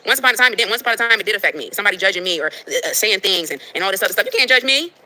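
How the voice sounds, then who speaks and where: A woman's voice: medium pitch, rapid-fire, bright, forceful tone, low-quality recording. A woman with a nasal voice talking casually to viewers on a livestream, emphatic and preachy, repeating herself for effect.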